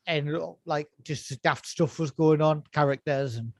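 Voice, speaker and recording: A man's voice: a little high, a little slow, no echo. A man co-hosting a casual podcast, chatting about old children's TV, laughing often and trailing off mid-sentence. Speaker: podcast co-host. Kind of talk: casual chat about nostalgic kids' TV.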